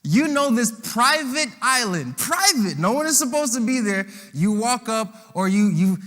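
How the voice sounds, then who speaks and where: A high, bright male voice rolls through a reverberant hall. He preaches in a loose, slangy storytelling style, jumping into voices for the characters with a lot of energy. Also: moderate pace. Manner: animated, slangy, acts out voices of the disciples. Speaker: youth preacher. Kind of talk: lively storytelling sermon.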